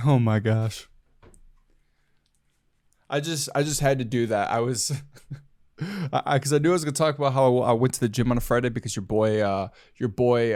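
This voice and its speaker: A man's voice: mid-range voice, moderate pace, long pauses, no room sound, clean studio sound. A young man hosting a casual solo podcast from his room, rambling and joking and saying "dude" a lot. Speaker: podcast host.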